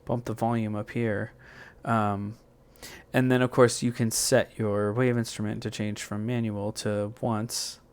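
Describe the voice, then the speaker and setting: A man's voice: fairly low pitch, little pitch movement, unhurried, darkish tone, clean tone. Rambling man explaining synth settings. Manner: loose and thinking aloud, with many fillers and restarts. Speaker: music tutorial host. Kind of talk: rambling software tutorial.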